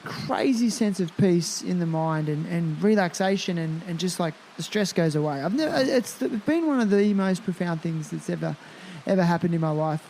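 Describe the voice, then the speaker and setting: A man's voice: high-pitched, moderate pace, gravelly, hardly any pauses, a little mellow, slight background noise. A man hosting a podcast, talking loosely and rambling, with lots of fillers and the odd swear word. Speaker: podcast host. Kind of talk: casual conversation.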